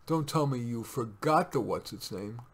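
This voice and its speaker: A man voicing a nagging middle-aged wife who scolds her husband slowly in a read-aloud story. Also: medium pitch, expressive, natural voice. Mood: scolding. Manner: slow, scolding.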